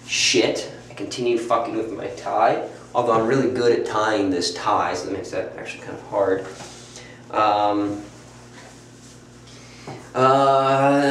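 A man's voice: fairly low pitch, slow, long pauses, a bit bright, slight background noise. A young man casually recapping his morning while getting dressed at home, muttering and cursing under his breath when he flubs lines. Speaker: vlogger. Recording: roomy, distant mic with faint ambience.

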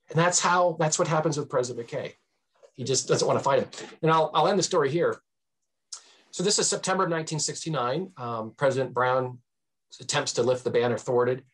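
Husky-voiced man telling history stories. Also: fairly quick. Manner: animated, swings pitch for emphasis; frequent fillers and restarts. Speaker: history professor guest. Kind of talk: conversational storytelling.

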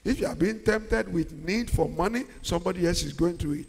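A middle-aged man preaching a sermon, using call-and-response and swinging from quiet talk to shouts. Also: high-pitched, brisk, gravelly, slight background noise. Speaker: pastor. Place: large church hall. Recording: long church-hall reverb.

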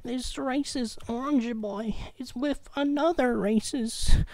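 A man voicing a mocking caricature of an outraged liberal, whining in a shrill, squealing voice on an old cheap microphone. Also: slow, background noise, full character voice. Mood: mocking outrage. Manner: exaggerated whiny outrage.

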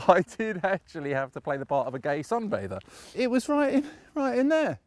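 A man's voice: high voice, big pitch swings, moderate pace, a little hiss or hum. A man chatting casually as he leads a walking tour outdoors, full of anecdotes and frequent chuckles. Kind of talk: casual guided walk narration. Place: outdoors on a park walk.

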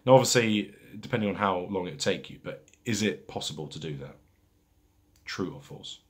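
A man hosting a casual pub quiz, reading each question twice, slowly and deliberately, with chatty asides between rounds. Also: deep voice, expressive, slightly rough.

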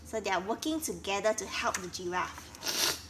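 A woman's voice: mid-range voice, lively intonation, moderate pace, noisy background. A woman reading a storybook aloud and stopping to explain words, checking in with "okay?". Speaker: storyteller and teacher.

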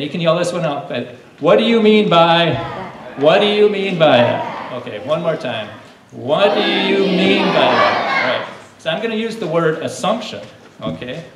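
Guy running a kids' class, coachy and coaxing, recorded from across a roomy space w faint hum. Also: a little high. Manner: coaxing, call-and-response, coach-like. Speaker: children's teacher. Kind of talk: lively lesson to a room of kids. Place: room full of children. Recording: echoey room, distant mic, faint hum.

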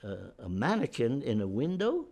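A man's voice: mid-range voice, huge pitch swings, moderate pace, a little mellow. A man in his nineties, a war veteran, telling a long story in an interview with many restarts and repeated words. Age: 90s.

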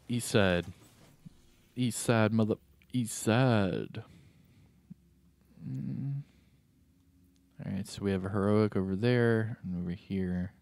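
A man's voice: on the low side, slow pace, gravelly, pauses often, a little mellow, no room sound. A man streaming a shooter game, chatting casually and answering his viewers' comments as he plays. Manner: chatty, laid-back, reads and answers chat.

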